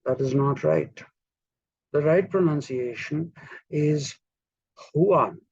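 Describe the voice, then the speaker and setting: Slow, gravelly male lecturer from India. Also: fairly high pitch, mellow, highs cut off. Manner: slow, deliberate, spells out letters one by one. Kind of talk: classroom lecture.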